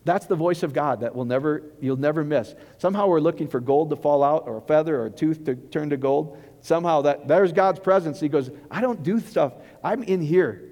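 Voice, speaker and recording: A middle-aged male pastor preaching in a conversational, animated way, often acting out quoted voices. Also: a little high, brisk, few pauses. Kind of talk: sermon. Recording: echoey hall with long reverb.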